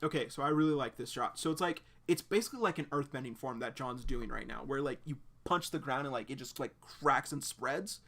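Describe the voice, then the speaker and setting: A man's voice: medium pitch, brisk, few pauses. Guy reacting live to a webcomic, hyped and rambly, tons of "like". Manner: excitable, many fillers like "like". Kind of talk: casual live reaction, reading aloud.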